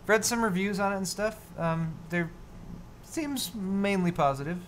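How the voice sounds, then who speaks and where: A man's voice: sits high, moderate pace, a little hiss or hum. A man co-hosting a live tech stream, chatting casually and rambling, with lots of fillers and restarts. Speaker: co-host of a live tech show.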